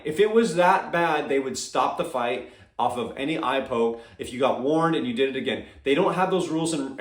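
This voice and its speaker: A man talks through his fight opinions in an emphatic, casual way, tossing in "all right?" and "okay?" again and again. His voice sits somewhat high for a man. The sound has a noticeable echo, as if recorded in a bare room. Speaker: MMA commentator.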